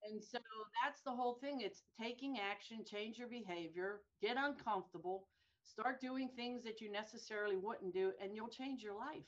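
A woman guest on a podcast telling an anecdote with lively energy, often repeating words and restarting as she goes. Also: on the high side, normal speed, lo-fi sound. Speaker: guest, real estate brokerage manager.

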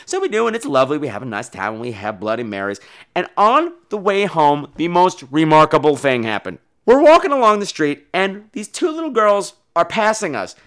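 Man, podcast host, casual monologue, swearing storyteller, lively swooping pitch. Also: a little fast, smooth. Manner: animated, profane storytelling.

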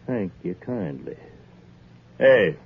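An actor playing a slow, laconic husband, in an old-time radio drama. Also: male voice, deep voice, big pitch swings, creaky, husky, exaggerated voice. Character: slow, simple rural husband, a killer, low-key. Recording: tinny old radio broadcast.

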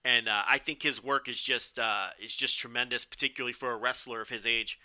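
A man's voice: medium pitch, fairly even intonation, fairly quick, pushed and bright. A man reviewing a wrestling show in a casual, rambling podcast style, swearing now and then.

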